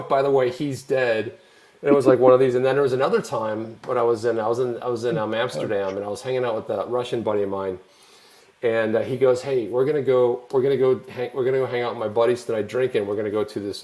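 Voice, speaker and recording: An American man hosting a live online show, telling rambling, animated travel anecdotes in casual chat. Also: mid-range voice. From United States. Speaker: show host.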